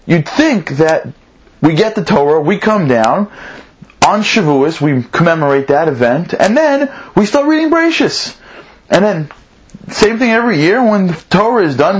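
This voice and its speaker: A man delivers a sermon that turns into a storytelling session, speaking earnestly and raising questions. His voice is husky and a little rough at the edges. The recording sounds slightly muffled and dull. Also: a little high. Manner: earnest, asks questions, rises for emphasis. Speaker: religious speaker.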